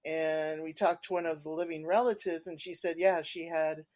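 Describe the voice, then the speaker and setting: A woman guest on a podcast, a paranormal investigator talking in a chatty, animated way and laughing between points. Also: low-pitched, moderate pace. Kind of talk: casual conversational storytelling.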